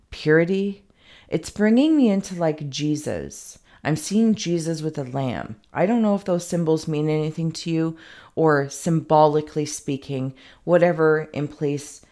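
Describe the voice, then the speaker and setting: In a low, warm voice with vocal fry, a psychic reader does a casual spoken reading. She wanders as she thinks aloud, filling the gaps with fillers and now and then poking fun at herself.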